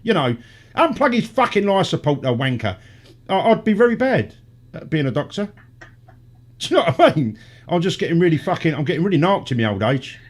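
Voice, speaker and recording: Middle-aged man, sweary ranting host, lively up-and-down voice. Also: on the high side, brisk. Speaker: radio show host. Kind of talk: casual chat.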